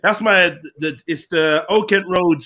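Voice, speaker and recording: A man hosting a live stream, telling stories in lively slang and laughing often. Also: high-pitched, measured pace. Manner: animated storytelling, slangy, laughs a lot. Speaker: stream host. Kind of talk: casual chat on a live stream.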